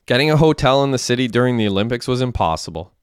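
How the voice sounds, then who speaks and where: A man reading an audiobook in a steady, plain narrating manner. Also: mid-range voice, fast talker, clean tone, dry recording, studio quality.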